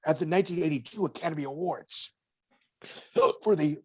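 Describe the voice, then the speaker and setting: A man's voice: on the high side, a little fast, dark tone, husky. A man co-hosting a podcast, giving a box office report in casual chat, wry and digressive, slipping dry jokes between figures.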